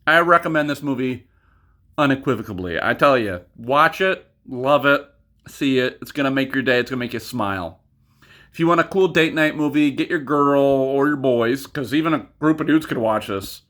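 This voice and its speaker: A man's voice: medium pitch, normal speed, a bit bright. Rambling, foul-mouthed young man reviewing a film. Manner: rambling, profane, goes off on tangents. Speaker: movie reviewer. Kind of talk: casual spoken review.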